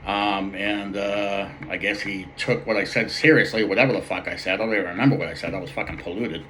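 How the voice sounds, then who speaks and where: A young man with a thick Boston accent rambles through a profane barroom tale, swearing constantly and piling one aside on another. His voice sits on the low side. A faint hiss runs under the recording. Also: fairly even intonation, a little fast, pushed and bright. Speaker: comedic storyteller. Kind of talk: character monologue.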